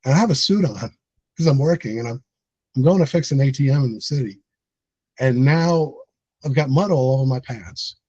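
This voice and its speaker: A man's voice: mid-range voice, animated, moderate pace, pauses often, warm tone, breathy edge, no echo, dull audio. A middle-aged man, a support group speaker, telling his own story in a conversational way, with fillers and laughing at himself now and then. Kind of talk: personal storytelling talk.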